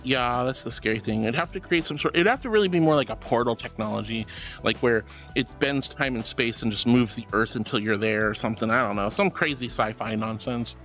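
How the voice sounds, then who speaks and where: A man's voice: mid-range voice, fairly quick, fairly bright tone, soft background music. A bubbly, affectionate man streaming and chatting casually as he reads out viewer messages. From Florida. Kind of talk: casual chat reading messages.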